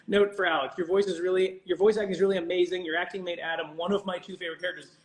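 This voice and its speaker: Man, fairly high voice, loose rambling livestream chat while signing for fans, joking swears, roomy echo. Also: steady tone, quick pace, hardly any pauses. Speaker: voice actor signing autographs for fans.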